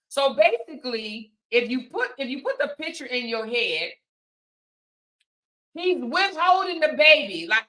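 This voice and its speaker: A woman host reacting to clips, talking in an animated, sassy way that leans hard on her points. Her voice sits a little high and sounds bright and sharp. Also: measured pace, poor audio. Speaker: commentary host. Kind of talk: reaction commentary.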